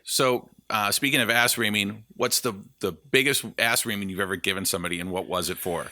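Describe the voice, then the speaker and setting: A man's voice: lowish voice, steady tone, brisk, bright, forceful tone, no echo. A man hosting a casual interview, asking questions and trading jokes with his guest. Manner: jokey, laughing interviewer. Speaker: interview host.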